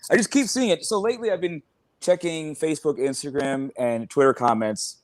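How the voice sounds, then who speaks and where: A man's voice: on the high side, a little fast. A man chatting on a fan podcast, talkative, laughing often and swearing now and then. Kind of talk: casual chat.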